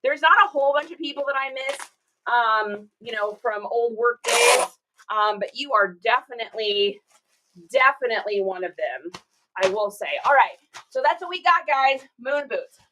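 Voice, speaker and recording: A woman's voice: a little high, animated, normal speed, noisy background. A woman reseller chatting casually with livestream viewers while packing orders, upbeat and greeting people by name. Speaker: reseller livestreaming her shipping.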